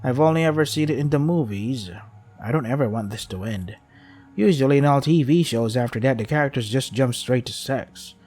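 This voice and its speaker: A man's voice: mid-range voice, brisk, a little mellow, faint music behind. A man reading a visual novel aloud, with wry asides that include swearing. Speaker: game streamer.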